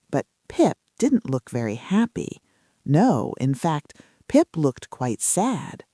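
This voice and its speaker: A woman narrating a bedtime story in a soft, chatty way with casual fillers. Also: very deep voice, big pitch swings, slow pace, no echo, clean studio sound.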